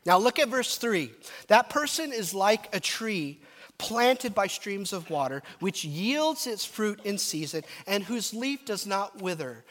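Lively preaching man in a hall. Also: sits high. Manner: animated, storytelling, drops to a murmur at times. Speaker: pastor. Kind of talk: sermon. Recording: reverberant hall.

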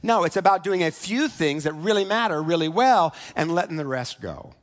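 A man preaching a sermon in a conversational way, often asking "right?" and slowing down for key points. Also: fairly high pitch, expressive. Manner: conversational, asks "right?" often, slows for emphasis. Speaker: pastor.

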